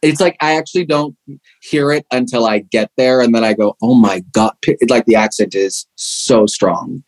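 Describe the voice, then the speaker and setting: A man's voice: medium pitch, normal speed. Chatty man telling rambling stories. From Pittsburgh. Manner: rambling, animated, many fillers and restarts. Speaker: actor guest. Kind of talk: casual interview chat.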